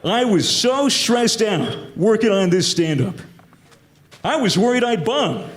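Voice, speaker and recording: Give me a young man doing dark, deadpan stand-up comedy with a high, lively voice, in an echoey room with a loud crowd. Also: takes it slowly. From United States. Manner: dark, deadpan joke delivery.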